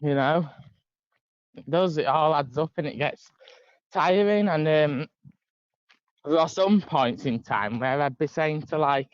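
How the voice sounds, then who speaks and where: Higher-voiced man on a dull dry mic. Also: no room sound. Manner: storytelling, hesitant, reflective. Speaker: guest. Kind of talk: casual chat.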